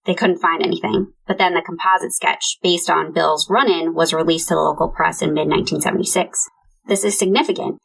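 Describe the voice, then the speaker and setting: A woman's voice: fairly low pitch, vocal fry, rough recording. A woman co-hosting a true crime book club podcast, retelling a case and voicing quotes along the way. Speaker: podcast co-host.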